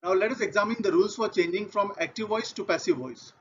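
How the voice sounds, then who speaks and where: Methodical Indian English male teacher, high voice, dull lo-fi recording, repeats rules for learners. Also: quick pace, fairly bright tone, slightly rough. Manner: methodical, repeats key points. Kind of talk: grammar lesson. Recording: dull lo-fi audio.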